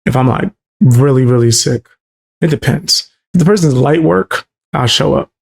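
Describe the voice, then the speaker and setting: A man's voice: mid-range voice, moderate pace, gravelly, husky. A man streaming a reaction to a clip, making casual, slangy asides.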